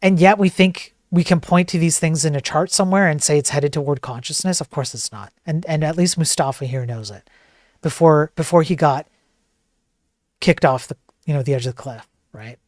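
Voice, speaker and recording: A man's voice: a little high, moderate pace, dry recording, clean studio sound. A man hosting a streamed commentary show, talking in a sarcastic, joking way. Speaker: host.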